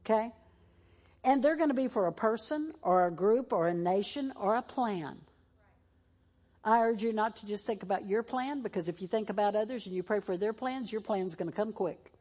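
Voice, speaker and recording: A woman's voice: mid-range voice, normal speed, a little mellow. A woman preaching a sermon in a church, moving between fervent exhortation and tearful emotion. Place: church sanctuary, televised.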